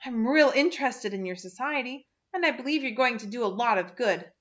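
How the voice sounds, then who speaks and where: Woman reading as an optimistic timid middle-aged woman, earnest, bright voice. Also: a little high, animated, lo-fi sound, pitched above the performer's own voice. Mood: eager. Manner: earnest, hurried, hopeful.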